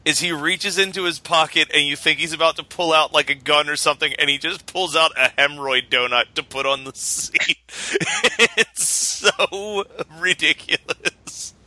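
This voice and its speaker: A man's voice: a little high, moderate pace, pushed and bright, no echo. A man co-hosting a casual movie chat, laughing often and quoting lines from films. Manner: laughs often, quotes film lines in put-on voices. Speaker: podcast co-host.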